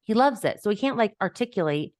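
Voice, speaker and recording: A woman's voice: mid-range voice, expressive, fast talker, a little mellow, dry recording, studio quality. A woman hosting a podcast as a life coach, talking casually and animatedly, acting out quoted voices and laughing easily. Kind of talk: casual conversational chat.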